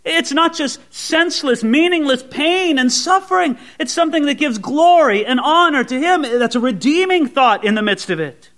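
High, bright-voiced male pastor preaching. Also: lively intonation, moderate pace, few pauses. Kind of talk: expository sermon.

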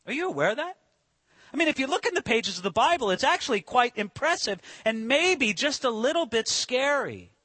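Male pastor with a high voice, preaching earnestly in a dry, close room. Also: sing-song, fairly quick, pushed and bright, no room sound. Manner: earnest, asks rhetorical questions. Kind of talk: sermon.

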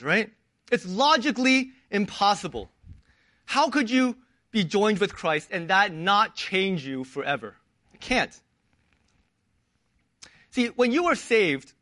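A man's voice: high-pitched, bright, forceful tone. A middle-aged man preaching a sermon in an earnest teaching manner, often tagging points with rhetorical questions. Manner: earnest, asks rhetorical questions with a tag "right?". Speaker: elder candidate preaching.

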